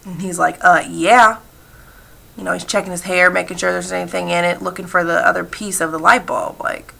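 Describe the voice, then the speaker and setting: A woman voice interpreter speaking a personal story told in sign language, with halting, repetitive phrasing and frequent fillers. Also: fairly low pitch, flat delivery, vocal fry, bright, forceful tone.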